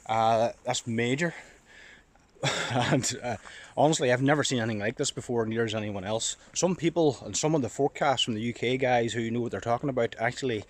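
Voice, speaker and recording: A man with a Northern Irish accent, vlogging outdoors while walking a dog in the countryside, thinking aloud in an excited, rambling way and slightly out of breath. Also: mid-range voice. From Northern Ireland. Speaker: storm chaser vlogger. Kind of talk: casual vlog monologue.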